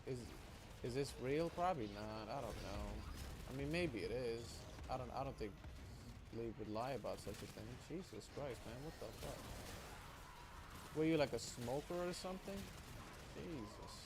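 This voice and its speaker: A man's voice: medium pitch, normal speed. Guy streamer rambling and swearing at chat, loose and trailing off, noisy background. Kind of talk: casual livestream chat.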